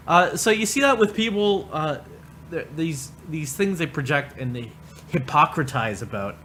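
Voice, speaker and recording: A man's voice: a little high, bright, forceful tone, a little hiss or hum. A man ranting crudely on a livestream, rambling and mocking, often laughing. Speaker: streamer.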